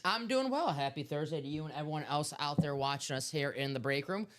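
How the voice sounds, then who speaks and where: A man's voice: fairly high pitch, brisk, fairly bright tone. A man co-hosting a live sports memorabilia break stream from a studio break room, answering in easygoing, joking banter. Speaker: co-host.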